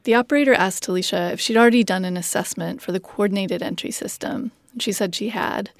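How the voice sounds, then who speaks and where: A woman journalist narrating a documentary story in a measured, plain way. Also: mid-range voice, a little mellow, no room sound, studio quality. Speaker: journalist host. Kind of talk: scripted narration.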